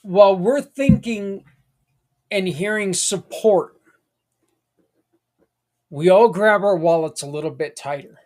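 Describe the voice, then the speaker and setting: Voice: mid-range voice, takes it slowly, pauses often, darkish tone. Folksy rambling podcast host. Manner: folksy and rambling, with tangents and mild swearing; earnest and encouraging. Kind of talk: casual podcast monologue.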